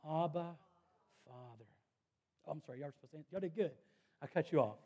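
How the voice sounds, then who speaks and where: Mellow-voiced pastor preaching. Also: male voice, on the high side, brisk. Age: 30s. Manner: earnest conversational preaching with self-deprecating asides. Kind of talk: sermon.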